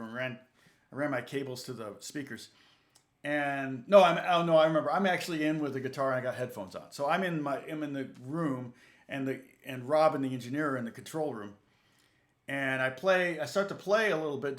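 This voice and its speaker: A man's voice: mid-range voice, echoey room. A man, a guitar teacher telling a rambling story in casual livestream chat and acting out both sides of a conversation.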